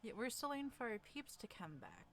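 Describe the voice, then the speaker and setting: Her fairly high, bright voice swoops wildly in pitch and moves a little fast as she hosts friends reading fanfic on a livestream. Giggly and self-deprecating, she laughs often and keeps stumbling and starting words over.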